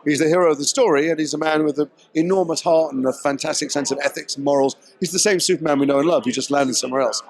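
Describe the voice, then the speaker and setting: Guy at a red carpet premiere talking fast, kinda high voice, thoughtful and articulate. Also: no room sound. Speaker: actor interviewed as guest. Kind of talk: red carpet interview answers.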